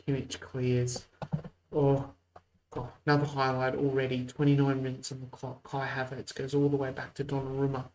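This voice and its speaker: A man's voice: mid-range voice, completely flat delivery, a little fast, a little hiss or hum, poor audio. Man giving casual game commentary. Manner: mock play-by-play, muttered asides. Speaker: host.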